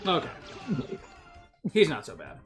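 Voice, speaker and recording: A man's voice: mid-range voice, wildly swooping pitch, measured pace, fairly bright tone, soft background music. A man hosting a casual video game playthrough, swearing and laughing easily as he plays. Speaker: let's play host. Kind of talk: casual gaming commentary.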